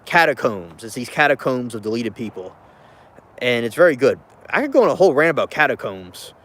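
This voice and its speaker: A man at an ordinary middle pitch, talking loosely as a vlogger. He rambles, restarts his sentences and drops chuckling asides as he rants about a film. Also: very animated, brisk, fairly bright tone. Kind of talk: casual rambling rant.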